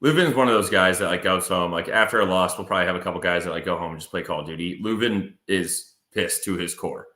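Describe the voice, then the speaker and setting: A man with an American Midwest accent, co-hosting a sports podcast in a lively, jokey way full of fillers. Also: sits low, fast, few pauses, reverberant. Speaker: podcast co-host. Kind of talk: casual sports podcast chat with ad reads.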